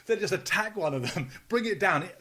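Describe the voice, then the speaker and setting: A man's voice: high voice, expressive, fairly quick, pushed and bright, breathy edge. A man co-hosting a podcast, telling long rambling stories full of restarts and swearing. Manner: rambling storyteller, swears freely, many restarts. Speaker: podcast co-host. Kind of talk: casual chat.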